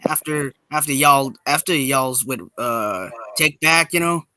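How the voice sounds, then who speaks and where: A man's voice: mid-range voice, unhurried, sharp tone, no echo. A young man on a live-stream chat, speaking hesitantly with frequent restarts. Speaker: guest.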